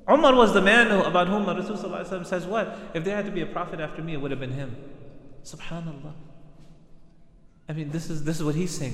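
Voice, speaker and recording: Earnest preacher in an echoey hall. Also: male voice, on the high side, fairly bright tone. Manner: earnest, many restarts, quotes Arabic phrases. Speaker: Islamic preacher. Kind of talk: sermon with retold stories. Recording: echoey hall with long reverb.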